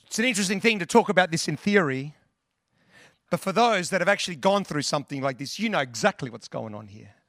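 High, bright-voiced male preacher. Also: lively intonation, quick pace, no echo, studio quality. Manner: earnest, conversational, with long lists and restarts. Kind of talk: sermon.

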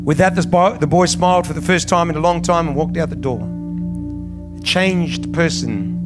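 A man's voice: fairly high pitch, moderate pace, over music. A man preaching as a pastor, with rising emphasis, then telling a long illustrative story. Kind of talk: sermon.

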